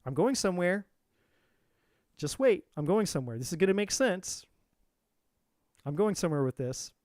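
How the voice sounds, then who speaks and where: A man's voice: high voice, animated, normal speed, darkish tone, no echo, studio quality. A man giving a spiritual talk as a tarot reader on a live stream, telling an impassioned story with lots of swearing and repeated phrases.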